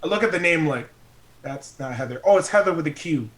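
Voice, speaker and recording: A young podcast co-host chats casually, joking, laughing a lot and slipping into silly voices. His voice is fairly high and a bit bright, and he talks fast and animatedly.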